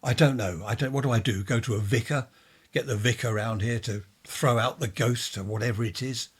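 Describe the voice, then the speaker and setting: A man's voice: mid-range voice, brisk, husky, lightly acted. A man reading a ghost story, voicing an exasperated father who storms and blusters. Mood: angry. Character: angry worried father, blustering.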